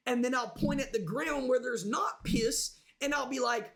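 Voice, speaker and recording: A man's voice: very high-pitched, moderate pace, creaky, hardly any pauses, a bit bright. A man livestreaming, rambling casually and swearing a lot as he talks straight to his chat.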